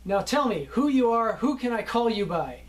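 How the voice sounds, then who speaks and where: A man voicing a gruff, impatient male film director who talks bluntly and sounds exasperated. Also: extremely high pitch, very animated, normal speed, pitched above the performer's own voice.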